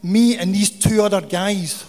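A man shares his recovery story, blunt, swearing and funny. His voice sits high for a man. The long reverb of a meeting hall trails every line. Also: a little slow, darkish tone. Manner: swearing, humorous, confessional. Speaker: recovery speaker.

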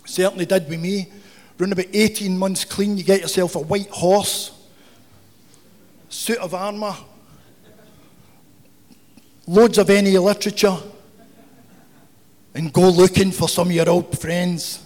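A man shares his recovery story, blunt, swearing and funny. His voice sits high for a man. The long reverb of a meeting hall trails every line. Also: steady tone, unhurried, pauses often, darkish tone. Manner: swearing, humorous, confessional. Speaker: recovery speaker.

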